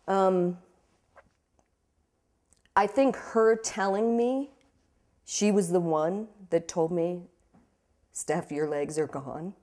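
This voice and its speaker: A young woman recounting a personal ordeal, halting and repeating words, emotional but steady, with rueful laughs. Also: mid-range voice. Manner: halting, repeats words while searching for them. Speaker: interviewee. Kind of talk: personal storytelling.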